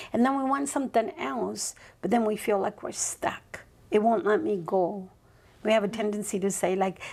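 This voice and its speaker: Speaking in a mid-range voice with vocal fry, a woman guesting on a podcast recounts a personal story. The casual interview storytelling is reflective and rambling, punctuated often by "right?".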